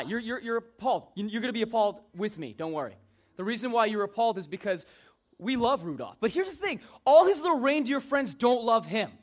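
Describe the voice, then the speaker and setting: A man preaching an informal sermon in a joking, conversational way. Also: high-pitched.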